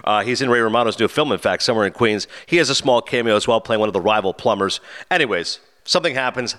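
A man hosting a film podcast, chatting casually and animatedly reviewing a movie. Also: lowish voice. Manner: animated, acts out quotes in voices. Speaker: podcast host.

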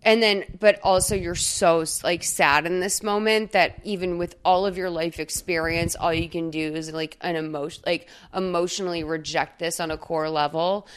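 A woman co-hosting a podcast in casual chat, telling stories in an animated way, full of "like" fillers and quick laughs. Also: on the low side, clear, resonant tone. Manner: chatty, animated storytelling full of 'like' fillers; laughs often mid-sentence. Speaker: podcast co-host. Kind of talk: casual chat recapping a movie.

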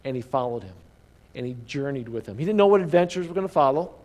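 A man preaching a sermon as pastor, telling the story with animated emphasis, dropping to hushed asides and asking the congregation rhetorical questions. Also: mid-range voice, fast, in a large hall.

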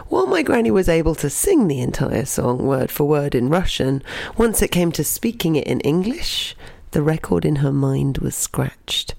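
A storyteller in their twenties telling a personal story, then teaching, expressive and dipping into soft whispers. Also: mid-range voice, creaky, no room sound. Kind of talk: told personal story and lesson.

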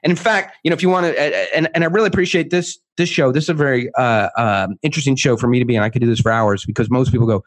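A man speaking as a guest author in an interview, emphatic and animated, acting out quotes with many restarts. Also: mid-range voice, rapid-fire, hardly any pauses.

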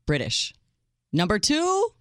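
Woman co-host on call-in radio, bouncy animated voice, laughs a lot, dry mic. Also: medium pitch, takes it slowly, no room sound. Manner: lively, laughs easily.

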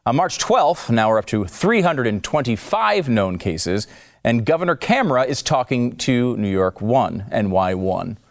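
A man's voice: medium pitch, very animated, a little slow, creaky. A man hosting scripted political commentary, sarcastic and mocking with emphatic swings in delivery.

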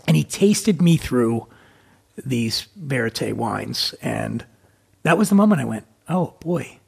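A man's voice: mid-range voice, sing-song, takes it slowly, vocal fry, slightly rough. A man hosting a casual conversation, chatty and joking with his guest. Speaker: host.

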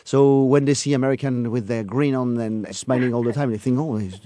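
French-accented man, hesitant and mellow. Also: mid-range voice, steady tone, a little fast, dry recording. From France. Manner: hesitant, repeats words. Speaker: studio guest. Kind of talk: casual chat.

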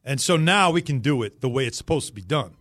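A man hosting a sports talk radio show, chatting casually in a lively, joking way. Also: mid-range voice, fast, dry recording, studio quality. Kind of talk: casual chat.

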